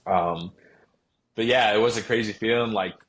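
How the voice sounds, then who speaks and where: A man's voice: lowish voice, normal speed, fairly bright tone. A young man, a baseball player, talking casually in an interview, rambling with lots of fillers and restarts. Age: young adult. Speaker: guest, pro baseball player.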